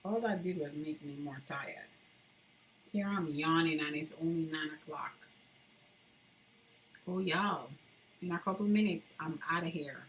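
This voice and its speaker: A woman's voice: deep voice, measured pace, pauses often, a little hiss or hum. A woman hosting a casual live stream from indoors at home, chatting with viewers and reading their comments aloud while she carves, with frequent laughter.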